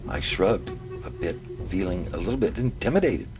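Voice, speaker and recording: A man telling his own memoir in the first person, in a plain, steady way. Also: low-pitched, a little fast. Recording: music playing under the narration.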